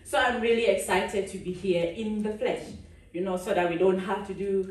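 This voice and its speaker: A woman's voice: medium pitch, normal speed. A woman from Cameroon giving a chatty, audience-engaging conference keynote. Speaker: keynote speaker. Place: large conference hall. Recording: echoey hall from a distance.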